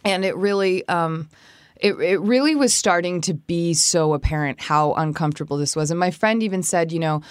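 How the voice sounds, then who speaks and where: A woman co-hosting an etiquette advice podcast casually and animatedly tells a personal story, acting out quoted speech in a higher voice. Her voice is smooth at a moderate pace, with clean studio sound and no room echo.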